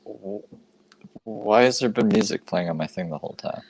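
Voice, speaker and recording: Low-voiced joking Canadian co-host. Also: male voice, normal speed, creaky, darkish tone. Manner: joking, crude, rambling. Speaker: streamer co-host. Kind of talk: casual chat.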